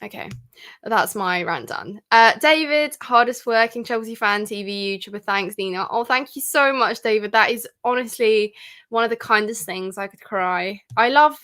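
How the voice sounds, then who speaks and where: A woman's voice: fairly high pitch, moderate pace, bright, forceful tone. A young woman hosting a casual livestream, chatty and emphatic with many fillers. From North London. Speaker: livestream host.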